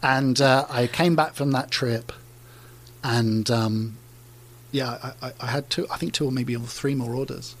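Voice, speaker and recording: A middle-aged Englishman, a car designer, telling stories in a casual interview, animated and often laughing, with frequent restarts. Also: mid-range voice, unhurried.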